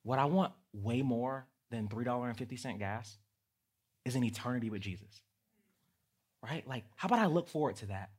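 A man in his thirties preaching a conversational sermon that builds to loud, emphatic peaks. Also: mid-range voice, expressive, normal speed, slightly rough. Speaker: pastor.

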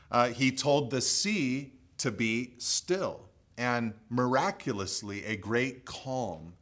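Middle-aged male preacher, mid-pitched voice, very animated intonation, expressive sermon style. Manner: expressive preaching, drops to soft low voice for quotes. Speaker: pastor.

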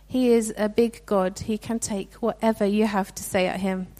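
A woman's voice: mid-range voice, steady tone, normal speed, dark tone. A young woman giving a sermon in a conversational, earnest way, with frequent restarts. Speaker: preacher.

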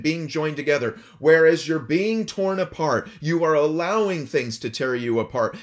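A male pastor delivers a sermon in a slightly higher-than-usual voice. He preaches earnestly and with emphasis, drawing out key words slowly. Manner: earnest, emphatic preaching with slow stressed phrases. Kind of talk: expository sermon.

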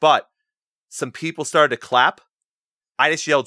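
A man's voice: a little high, fairly even intonation, unhurried, bright, forceful tone, dry recording, studio quality. A man in casual podcast chat, blunt and profane, ranting with strong opinions. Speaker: podcast co-host.

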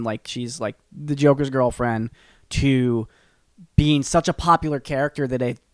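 A man co-hosting a podcast in casual chat, talking in a rambling, animated way with many fillers and restarts. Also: medium pitch, no room sound, studio quality. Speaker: podcast co-host.

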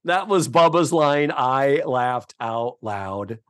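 Male podcast co-host, expressive and chatty, dry studio mic. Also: medium pitch, takes it slowly, dry recording. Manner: animated, acts out characters' lines in quotes. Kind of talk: casual chat recapping a sitcom episode.

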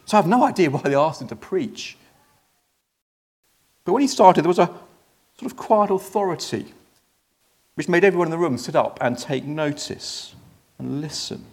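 A man playing an ordinary congregation member, telling in the first person how an unusual preacher amazed him, in a chatty storyteller manner with hesitant restarts. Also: high-pitched. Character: ordinary man in the congregation, a jaded sermon-dozer left amazed. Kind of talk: first-person dramatic monologue in a sermon.

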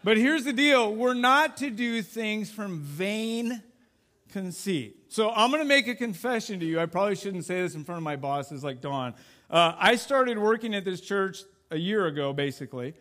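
A man's voice: high voice, expressive, moderate pace, fairly bright tone. A man preaching a sermon to a church congregation as a youth pastor, conversational and self-deprecating with plenty of jokes.

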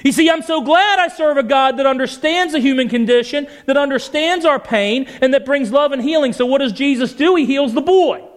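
A man's voice: extremely high pitch, a little fast, few pauses. A man preaching a sermon, passionate and emphatic, often putting questions to his listeners.

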